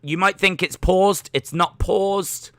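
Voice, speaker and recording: In clean studio sound with no room echo, a young man with a high-pitched, steady voice talks slowly. He hosts a casual watch-along livestream, chatty and self-mocking, reading chat and cracking jokes.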